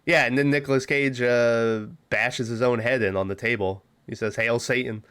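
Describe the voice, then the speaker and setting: A man's voice: medium pitch, steady tone, normal speed, fairly bright tone, clear, resonant tone. Rambling, laughing male podcast co-host. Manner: rambling, laughs often, acts out movie lines. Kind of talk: casual movie review chat.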